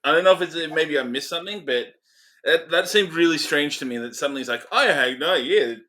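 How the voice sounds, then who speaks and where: Easygoing man with a bright voice. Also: on the high side, quick pace. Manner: easygoing, hesitant, laughs often. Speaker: podcast co-host. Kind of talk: casual film review chat.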